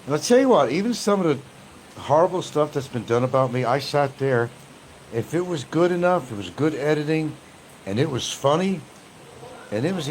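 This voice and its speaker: Male livestream host, casual and profane, voice swinging up and down, faint noise behind. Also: on the high side. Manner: profane, laughing along, loose and rambling. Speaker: livestream host reading chat. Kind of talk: casual rambling chat.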